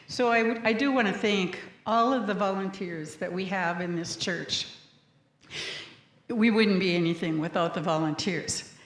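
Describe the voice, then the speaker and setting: A woman minister leading a church service, welcoming newcomers and leading a group reading. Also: medium pitch. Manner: warm, welcoming, leads congregation in group reading. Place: church sanctuary. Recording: echoey church hall.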